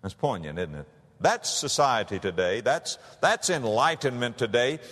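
A man's voice: medium pitch, animated. Man preaching in an echoing hall. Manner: dramatic, with big swings between soaring and hushed phrases; slow, drawn-out emphasis on key words. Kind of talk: sermon. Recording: long reverb of a large hall.

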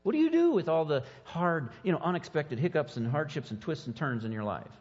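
A man preaching a sermon as pastor, animated and sometimes mocking as he acts out quotes. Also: fairly high pitch, fairly quick, slightly rough, big-room sound, highs cut off.

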